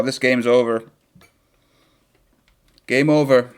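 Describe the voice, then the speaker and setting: A man's voice: medium pitch, steady tone, moderate pace. A young man chatting casually and joking while he reacts live to a football match on a home stream. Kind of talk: live match watchalong chat.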